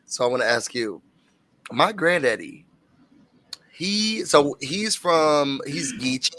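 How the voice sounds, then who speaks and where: Southern male co-host, quick and animated, lively pitch that sits a bit high, video-call sound. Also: no echo. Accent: Southern American. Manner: animated, quick talker, laughs often. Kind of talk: casual chat.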